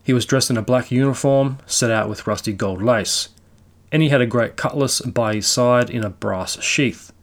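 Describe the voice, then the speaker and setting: A man narrating a classic ghost story aloud in a measured storytelling manner. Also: mid-range voice.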